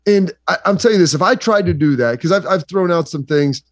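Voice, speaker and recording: A man's voice: high-pitched, expressive, fast, dry recording, studio quality. A man from Southeastern Ohio, a sports analyst guest, rambling casually with lots of fillers. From Southeastern Ohio, USA.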